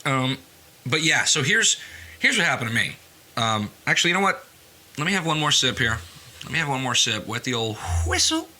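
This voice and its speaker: A man's voice: medium pitch, huge pitch swings, moderate pace, background noise. A young adult man, a farmer hosting his own podcast, telling stories in a chatty way with jokey asides. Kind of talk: casual podcast monologue.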